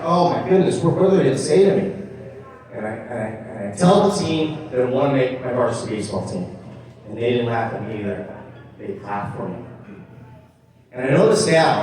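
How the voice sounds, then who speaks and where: A man's voice: fairly high pitch, a little mellow. A man giving an earnest motivational speech about his own life at a club meeting, acting out his younger self. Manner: earnest storytelling, acts out his own past voice. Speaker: guest speaker. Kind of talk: motivational personal story. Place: meeting room. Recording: very echoey room from a distant mic.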